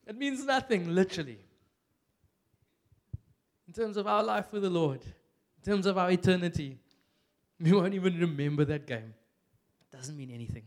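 High-voiced South African preacher, chatty. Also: male voice, a little slow, long pauses. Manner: chatty and animated, with many "like" fillers and bursts of laughter. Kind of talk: casual, humorous sermon. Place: church.

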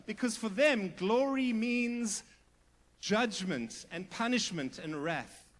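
Middle-aged pastor with a fairly high voice, preaching a chatty but earnest sermon. He goes quiet to land his points. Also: animated, unhurried. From South Africa. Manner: earnest preaching with sudden drops to hushed emphasis; conversational, with asides and restarts.

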